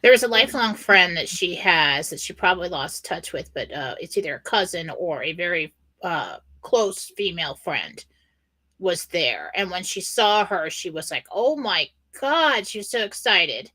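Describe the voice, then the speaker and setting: A woman's voice: on the low side, expressive, normal speed, bright, forceful tone. A woman on a live show giving psychic readings in a chatty, loose way. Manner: chatty, lots of fillers and restarts. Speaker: psychic reader. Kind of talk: casual live show chat.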